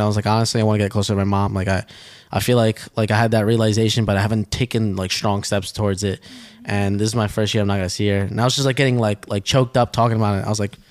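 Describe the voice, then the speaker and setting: A man's voice: fairly low pitch, very fast. Young man rambling through a story. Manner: rambling, animated storytelling with restarts. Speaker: podcast co-host. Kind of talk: casual storytelling.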